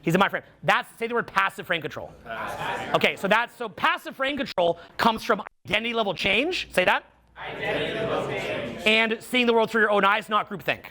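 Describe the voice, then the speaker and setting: A man's voice: high voice, animated, brisk, hardly any pauses, pushed and bright. A man coaching a live seminar audience, playful and teasing as he banters with volunteers on stage. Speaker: social skills coach.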